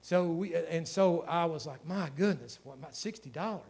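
High-voiced pastor preaching. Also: male voice, normal speed, vocal fry, a little mellow, slightly rough. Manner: folksy storytelling, rising to fervent preaching. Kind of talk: sermon.

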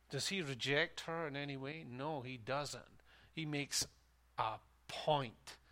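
Bright-voiced man preaching a sermon. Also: medium pitch. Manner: storytelling, animated, laughs often. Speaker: pastor.

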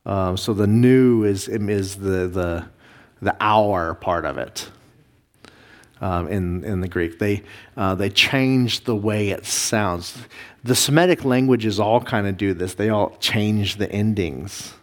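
Slow, halting male Bible teacher. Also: fairly low pitch. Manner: slow, halting, many fillers and restarts. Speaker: pastor teaching a Bible class. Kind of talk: classroom lesson reading Hebrew.

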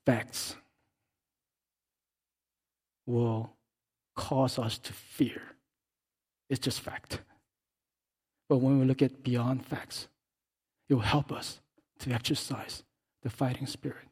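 A man preaching a sermon as pastor, swinging between hushed, quiet stretches and loud, impassioned calls. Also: mid-range voice, steady tone, slow, pauses often, slightly rough.

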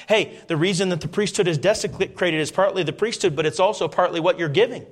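A middle-aged man preaching a sermon, dropping into quiet asides and rising to loud, fervent passages. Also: high voice, fast, hardly any pauses.

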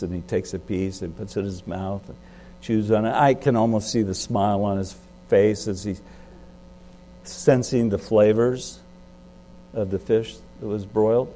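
A male pastor preaching a sermon in a conversational way. He asks his listeners questions and makes sudden jumps in pitch and loudness for emphasis. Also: fairly even intonation, a little slow, a little hiss or hum.

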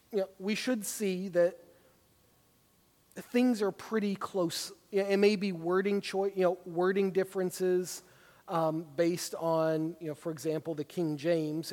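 A man's voice: high voice, darkish tone, long reverb tail. A man leading a Bible study class, talking conversationally with many fillers. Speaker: class teacher.

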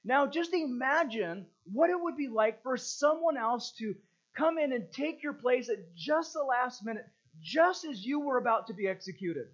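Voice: high-pitched, lively intonation, normal speed, lo-fi sound. An earnest preacher teaching a catechism lesson as a sermon, repeating rhetorical questions to press the point home.

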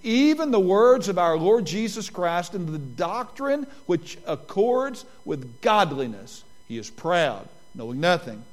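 High-voiced older preacher, earnest sermon. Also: male voice, sing-song. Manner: earnest, repeats key points, shifts between slow emphasis and quick asides. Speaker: pastor. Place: church sanctuary.

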